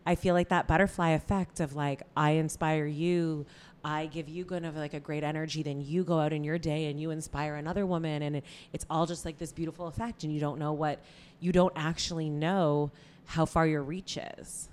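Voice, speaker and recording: Low-voiced confident woman guest. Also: steady tone, fairly quick, darkish tone, clear, resonant tone. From Canada. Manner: confident and laid-back. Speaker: podcast guest. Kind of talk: podcast interview.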